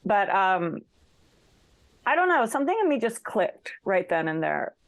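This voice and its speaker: A middle-aged woman with a mid-range, very animated voice speaks unhurriedly in a dry recording. She's an interview guest telling a story in casual chat, acting out the lines she quotes. Her manner is chatty and packed with fillers like "like" and "you know."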